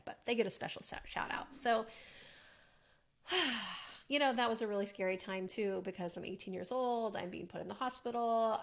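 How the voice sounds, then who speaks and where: A woman in her forties talks through a personal story in a loose, animated way. Her mid-pitched voice carries a gravelly fry, and she keeps dropping "like" as she goes. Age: about 40. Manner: chatty, animated, many "like" fillers. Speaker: wellness coach and podcast host.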